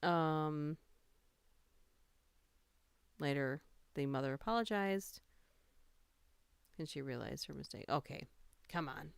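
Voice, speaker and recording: Smooth-voiced woman reading stories on stream. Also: deep voice, slow pace, long pauses, no room sound. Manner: reads funny stories aloud, laughs and greets chat. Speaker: livestream host reading stories aloud. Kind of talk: casual livestream storytelling and chat.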